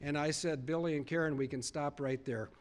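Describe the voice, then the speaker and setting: This public speaker has a slightly high, steady voice and talks a little fast. Addressing a live audience in a storytelling speech, he earnestly recounts conversations, hammering points home through repetition.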